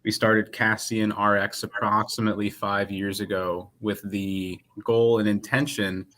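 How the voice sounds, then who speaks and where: Low-voiced bright man explaining clearly. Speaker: pharmacist and company president. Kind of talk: casual interview answers.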